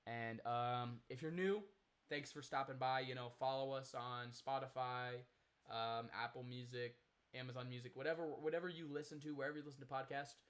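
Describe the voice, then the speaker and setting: A man's voice: mid-range voice, steady tone, normal speed, a bit bright. A man co-hosting a casual sports podcast, talking in a rambling, opinionated way that often trails off and restarts, recorded remotely. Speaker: podcast co-host. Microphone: remote recording, apart from co-host.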